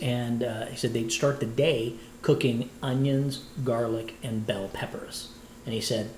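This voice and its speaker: A man's voice: mid-range voice, measured pace, long pauses, a little mellow, echoey room, a little hiss or hum, low-quality recording. A man, a voice actor, chatting playfully with viewers while cooking on a livestream. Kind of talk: casual cooking livestream chat.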